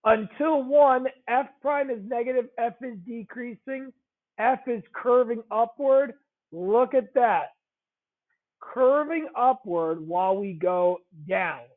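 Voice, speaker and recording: A man's voice: very high-pitched, slow pace. A man teaching a math lesson, talking conversationally, repeating key phrases and checking in with the class. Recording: tinny phone-like audio.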